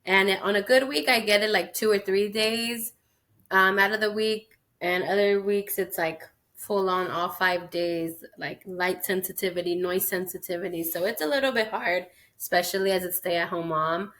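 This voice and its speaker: A woman's voice: mid-range voice, fairly even intonation, normal speed, a bit bright. A woman in her thirties co-hosting a podcast, chatting candidly and telling personal stories. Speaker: podcast co-host. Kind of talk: casual chat.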